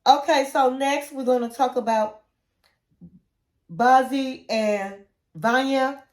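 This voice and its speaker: A woman's voice: high-pitched, slow pace, echoey room. A woman hosting a casual, opinionated reality TV recap, talking chattily and acting out the quotes. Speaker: YouTube recap host.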